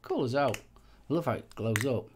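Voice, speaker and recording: A man's voice: medium pitch, animated, fairly quick, a little hiss or hum. A man from England, hosting a live stream in a chatty, rambling way with lots of fillers. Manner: chatty, rambling, with many fillers and repeated phrases. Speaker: host of a live vaping channel show. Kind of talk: casual live-stream chat.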